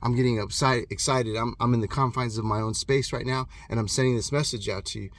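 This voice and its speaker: A man's voice: mid-range voice, steady tone, fast talker, no room sound. Male, 30s, motivational vlogger, dry close sound, intense and profane, volume swings hard. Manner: passionate and profane, swings between loud bursts and hushed intensity. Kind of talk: impassioned motivational monologue. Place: alone in his own private room.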